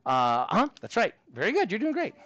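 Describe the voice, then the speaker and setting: A man's voice: high voice, wildly swooping pitch, a little fast, a bit bright, dull audio. A man teaching a math class, upbeat and encouraging as he walks students through a problem. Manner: upbeat, encouraging, playful monster voices.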